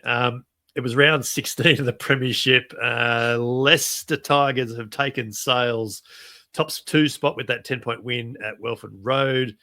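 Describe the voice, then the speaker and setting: A man's voice: medium pitch, vocal fry, pushed and bright. A man co-hosting a rugby podcast, chatting casually and running through results with frequent restarts. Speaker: podcast co-host.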